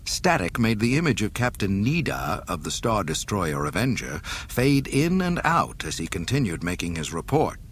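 A man reading a story aloud in an expressive, dramatic narration. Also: on the low side, normal speed, slight background noise. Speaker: audiobook reader.

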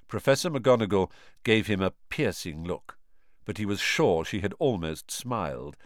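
A man reads a storybook aloud with a lively, rising and falling voice. His sound is close and dry, with no room around it. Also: fairly low pitch, normal speed, dry recording. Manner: expressive storytelling. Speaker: audiobook narrator. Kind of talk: scripted narration.

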